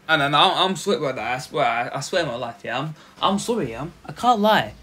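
A man's voice: fairly high pitch, lively intonation, fairly quick, few pauses, sharp tone, slightly rough. A man hosting a gaming video, rambling casually over clips and often stumbling and correcting himself. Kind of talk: casual game commentary. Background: music.

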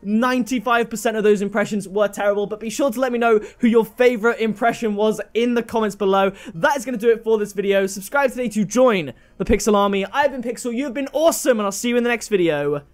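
Upbeat higher-voiced male gaming host. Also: fast talker, few pauses. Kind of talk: upbeat video outro.

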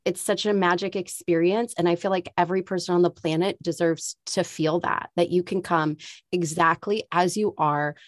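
Woman, podcast host, low voice, effusive, heartfelt, laughs often, dry close sound. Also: fairly even intonation, moderate pace, dry recording. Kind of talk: conversational interview.

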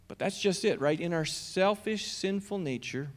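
A man's voice: high voice, moderate pace. A male pastor preaching a sermon in a church auditorium, talking conversationally and putting questions straight to his congregation. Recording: long reverb of a church hall.

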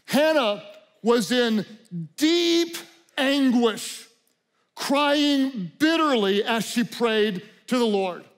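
A middle-aged male pastor preaching a sermon with passion, dropping to quiet and rising to shouts. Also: very high-pitched, expressive, extremely slow, clear, resonant tone.

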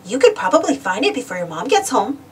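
Give me a woman playing an excitable storybook boy, husky and distant. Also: on the high side, quick pace, exaggerated voice. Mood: excited. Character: excited young boy, best friend.

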